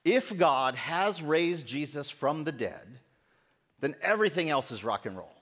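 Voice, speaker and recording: A man's voice: on the high side, animated, unhurried, a bit bright. A middle-aged man preaching a sermon as pastor, in a conversational way with self-deprecating humor. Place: church sanctuary. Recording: echoey church sanctuary.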